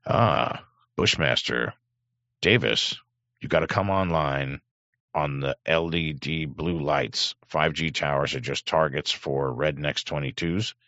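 A man's voice: a bass voice, slow pace, pushed and bright, no room sound, dull audio. A middle-aged man hosting a livestream, reading chat aloud in a sardonic, rambling way with many fillers. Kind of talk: casual livestream commentary.

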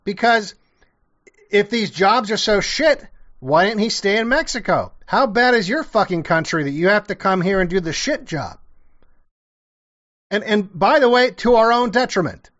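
A man's voice: high-pitched, expressive, moderate pace, fairly bright tone, muffled recording. A man giving casual reaction commentary, rambling and profane, with sarcastic asides and many restarts. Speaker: commentator reacting to an old TV show.

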